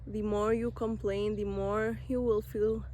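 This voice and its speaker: A woman's voice: medium pitch, flat delivery, a little slow, mellow, slight background noise. A woman giving an earnest, direct motivational talk to camera, repeating phrases for emphasis. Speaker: self-help vlogger.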